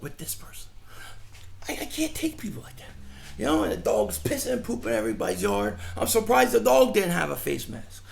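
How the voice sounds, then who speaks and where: A middle-aged man rambles through an animated outdoor vlog rant. His voice sits high and carries a rough, gravelly edge. He tells his stories casually and slips into mocking impressions of other people. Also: fairly quick. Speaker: fan vlogger.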